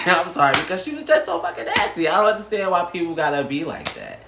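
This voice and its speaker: A man's voice: a little high, very animated, fast. A man vlogging a storytime, sassy and blunt, swearing freely. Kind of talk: storytime vlog. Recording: roomy echo, faint background noise.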